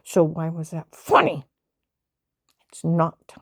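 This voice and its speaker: A woman's voice: low voice, little pitch movement, slow, no echo. A woman delivering an agitated, rambling personal monologue, indignant and aggrieved.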